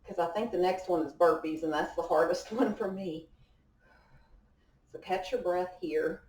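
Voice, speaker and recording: A woman's voice: on the low side, normal speed, darkish tone. A young woman leading a home workout class, giving encouraging cues while exercising along. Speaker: fitness instructor. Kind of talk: guided home workout instruction. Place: indoor room at home. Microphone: distant camera mic. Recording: echoey room, far from mic.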